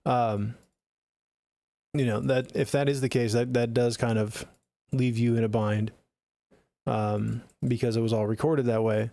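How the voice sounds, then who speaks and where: A man's voice: mid-range voice, level tone, measured pace, vocal fry, pauses often, warm tone, dry recording. A man streaming music feedback from a home studio closet, talking in a laid-back, rambling and profane way. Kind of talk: casual live-stream chat.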